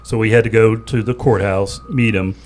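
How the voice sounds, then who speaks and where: A man's voice: fairly low pitch, steady tone, normal speed, a little mellow. A man from southwestern Pennsylvania with a Pittsburgh accent, co-hosting a casual podcast chat and telling stories with frequent laughter. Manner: storytelling, laughs often. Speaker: podcast co-host.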